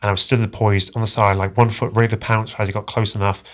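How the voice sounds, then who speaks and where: A man telling a personal story as a podcast guest, halting and earnest, often repeating his words. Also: on the low side, little pitch movement. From England.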